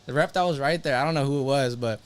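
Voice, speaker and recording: Young male fighter guest, rapid and animated, clean clear voice, swears freely. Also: mid-range voice. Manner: animated storytelling, swearing, acting out quotes. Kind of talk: casual podcast interview.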